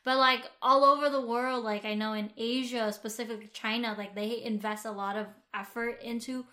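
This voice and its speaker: A woman's voice: on the high side, steady tone, normal speed, sharp tone. A woman from the United States co-hosting a casual chat, rambling a little, with many fillers and restarts. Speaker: podcast co-host.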